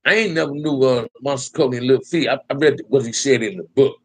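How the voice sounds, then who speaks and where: A man's voice: mid-range voice, fast, dry recording, low-quality recording. A man from Compton hosting a casual live stream, reading viewer comments and answering them in laid-back, slang-heavy talk that keeps ending on "man". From Compton, California. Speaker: livestream host.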